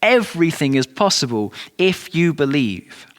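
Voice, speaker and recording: A man's voice: fairly high pitch, sing-song, measured pace, big-room sound. A man with an English accent acting out an exasperated, indignant male teacher in a raised, emphatic voice.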